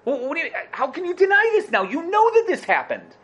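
A man voicing an indignant older yeshiva head who has been robbed, shouting and outraged. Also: wildly swooping pitch, racing. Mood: pleading, indignant. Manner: shouting, outraged, high-pitched.

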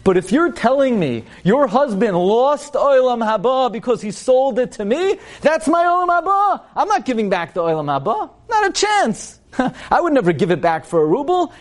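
A man voicing a blunt, stubborn butcher with a gruff, defiant manner. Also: sits high, big pitch swings, normal speed, pitched above the performer's own voice.

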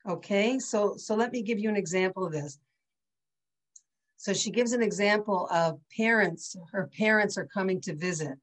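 A woman's voice: medium pitch, low-quality recording. A woman giving a conversational lecture over a video call, often checking in with her listeners. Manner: chatty, often checks in with "right?" and "okay?". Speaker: teacher leading an online class.

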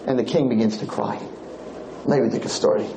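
A man lecturing on Torah, telling a parable in an animated, repetitive storytelling manner. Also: mid-range voice, brisk, reverberant, background noise. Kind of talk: sermon storytelling.

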